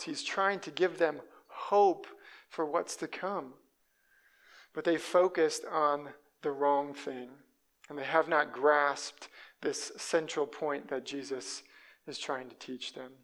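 A man with a fairly high voice delivers a sermon from the pulpit. He reads through scripture verse by verse and gives the quoted speakers voices of their own as he goes. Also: a bit bright. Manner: storytelling preacher who voices quoted speakers. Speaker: pastor.

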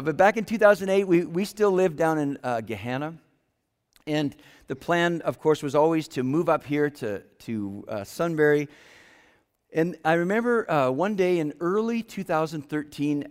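A man preaching a sermon, telling a personal story and sometimes dropping to a hush for quoted lines. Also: a little high. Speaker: pastor. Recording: long hall reverb.

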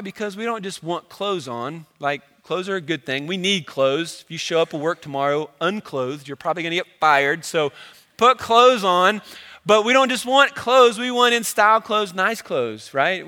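Young male pastor, high, bright voice, casual joking sermon delivery, echoing church hall. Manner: casual, joking, conversational preaching.

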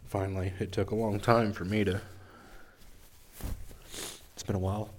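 A young man giving an earnest, emotional testimony at church, halting and restarting as he speaks. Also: on the low side, level tone, noisy background.

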